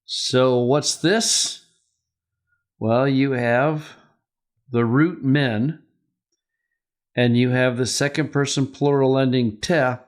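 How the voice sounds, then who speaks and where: An older man gives a Greek grammar lesson at an unhurried, measured pace. His voice sits at an ordinary middle pitch. He walks through each point patiently and poses questions to his students as he goes. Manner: explains step by step, asking rhetorical questions. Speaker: Greek teacher. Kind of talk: slow, deliberate Greek lesson.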